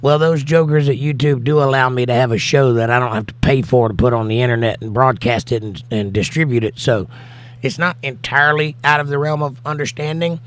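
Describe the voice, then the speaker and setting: On a casual stream, an American host who hasn't slept and feels tired works through viewer comments, reading them and giving answers. His pitch is medium, his intonation fairly even, and his delivery brisk.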